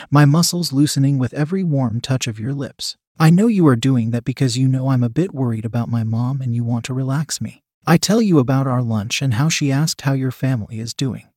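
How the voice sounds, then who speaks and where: A man narrating a written story in an even, unhurried reading voice that speaks punctuation marks aloud. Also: mid-range voice, no echo, studio quality.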